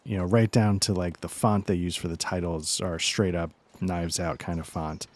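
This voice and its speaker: A man's voice: low-pitched, fairly even intonation, moderate pace, a little mellow. A man hosting a let's play, chatting casually and rambling through self-deprecating asides while he games. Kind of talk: casual commentary while gaming.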